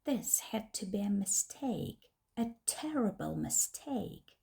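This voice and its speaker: A woman narrating a first-person story slowly and deliberately for English learners. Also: mid-range voice, expressive, warm tone. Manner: slow, clear, deliberate reading.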